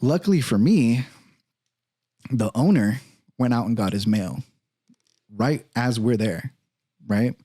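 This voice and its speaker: Mellow-voiced man swearing through a story. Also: mid-range voice, takes it slowly, pauses often, slightly rough, dry recording, studio quality. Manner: profane, animated, acts out quoted voices. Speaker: podcast host. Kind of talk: casual storytelling.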